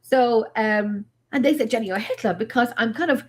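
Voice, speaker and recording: With a higher voice at a moderate pace, this middle-aged panelist animatedly tells stories on a casual paranormal panel. She delivers them emphatically, sprinkled with blunt jokes.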